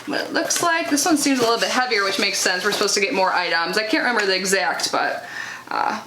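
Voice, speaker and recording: A woman's voice: mid-range voice, quick pace. A young woman in casual unboxing chat, chatty and full of filler words as she reads out product blurbs. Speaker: unboxing vlogger. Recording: echoey room with faint noise.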